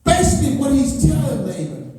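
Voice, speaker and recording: Chanting preacher in an echoey hall. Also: male voice, extremely high pitch, big pitch swings, fairly quick, dark tone, recorded from a distance. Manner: preaching with sing-song chanted rises. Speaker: pastor. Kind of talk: sermon. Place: large church hall.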